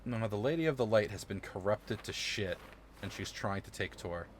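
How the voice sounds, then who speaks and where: A man's voice: fairly low pitch, normal speed, a little hiss or hum. A man streaming a game live, commenting casually with swearing and frequent laughter. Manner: casual, profane, laughs often.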